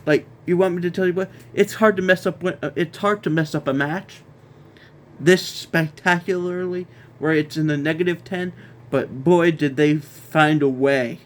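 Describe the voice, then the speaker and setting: A man's voice: a little high, fairly even intonation, moderate pace. A man hosting a casual wrestling review, ranting in an exasperated way, repeating himself and stumbling over restarts.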